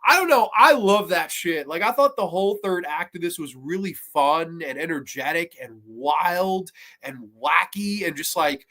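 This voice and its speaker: A man hosting a horror film review show, retelling scenes in a casual, excitable and profane way. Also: fairly high pitch, measured pace.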